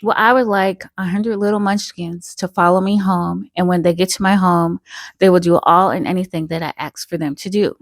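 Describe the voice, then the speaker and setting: A woman's voice: fairly low pitch, steady tone, normal speed, no echo, natural voice. A woman voicing a selfish, famous male singer who talks in a casual, doubtful drawl. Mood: scoffing.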